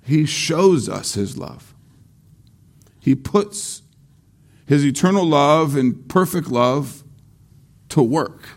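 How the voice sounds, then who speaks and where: Slow, deliberate male preacher. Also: fairly high pitch, lively intonation. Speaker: pastor. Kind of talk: sermon.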